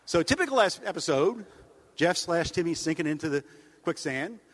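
A man giving a comic speech to a crowd of farmers, deadpan and rambling, with sudden mock-outraged jumps in pitch. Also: moderate pace. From United States. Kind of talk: stand-up style speech to an audience. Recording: long hall reverb.

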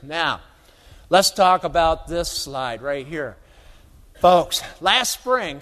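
Animated folksy man speaking in a hall. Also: on the high side. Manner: folksy, animated storytelling with audience asides. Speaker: agricultural economics speaker. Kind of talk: humorous keynote talk to a live audience. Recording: long hall reverb.

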